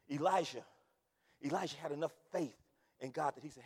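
A male pastor preaching a sermon, swinging from hushed asides to shouted calls. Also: fairly high pitch, moderate pace, long pauses, husky, long reverb tail.

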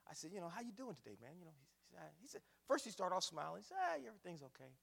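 A man preaching a sermon, dropping to hushed storytelling and rising to loud preaching. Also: high voice, very animated, racing, creaky, in a large hall. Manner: folksy, addresses the congregation as y'all.

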